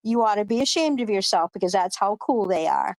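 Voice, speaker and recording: A woman's voice: medium pitch, animated, brisk, darkish tone, dry recording. A woman hosting a live online panel in casual chat, rambling and emphatic, swearing freely. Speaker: panel host. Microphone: video call.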